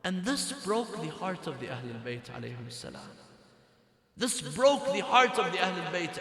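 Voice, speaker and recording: A male preacher telling a story in a sermon with an Iraqi Arabic accent, swinging between loud declaiming and hushed near-whispers, chanting some phrases. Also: on the high side, animated, normal speed, vocal fry. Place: mosque or community center hall. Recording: echoey hall.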